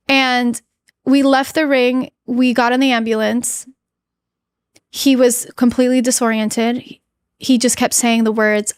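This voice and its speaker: A woman's voice: a little high, flat delivery, a little slow, clear, resonant tone, dry recording. Woman podcast guest, earnest storyteller, chatty with fillers and restarts, dry close sound. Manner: earnest, emotional recounting. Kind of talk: personal storytelling in an interview.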